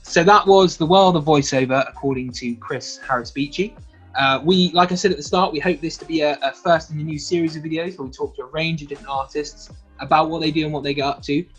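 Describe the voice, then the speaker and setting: Man, interviewer, husky voice, friendly hesitant questions, faint music. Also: on the high side, steady tone, fast talker, fairly bright tone, rough recording. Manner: friendly, hesitant phrasing with many likes. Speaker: interviewer host.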